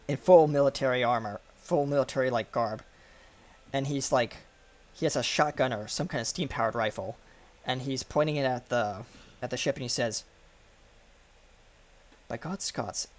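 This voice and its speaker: A man's voice: medium pitch, moderate pace. A man narrating as game master, describing scenes in a rambling, filler-heavy way.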